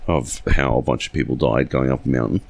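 A man co-hosting a podcast, chatting casually in a jokey, sweary, animated way. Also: extremely low pitch, a little fast, vocal fry, slight background noise. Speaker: podcast co-host. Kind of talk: casual chat.

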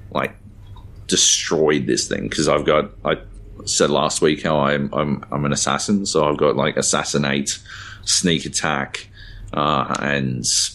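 A man's voice: a bass voice, fairly bright tone. A man co-hosting a podcast, chatting casually and rambling with lots of fillers and offhand swearing. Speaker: podcast co-host. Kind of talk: casual chat.

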